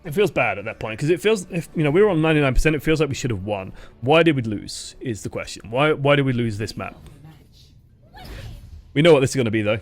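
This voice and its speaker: Young guy breaking down game footage, rattles it off quick, swears a lot, middle-pitched voice. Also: expressive. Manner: fast, casual, swears freely, self-mocking asides. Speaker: game coach. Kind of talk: gameplay review commentary.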